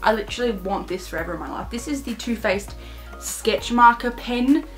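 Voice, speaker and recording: A teenage girl gushing excitedly through a casual beauty haul vlog, saying "literally" constantly. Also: on the high side, moderate pace, soft background music. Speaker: beauty vlogger.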